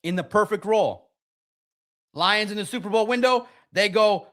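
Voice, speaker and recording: A man hosting a live-stream sports talk show, reading chat and talking in an animated, sarcastic, rambling way. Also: high-pitched, normal speed.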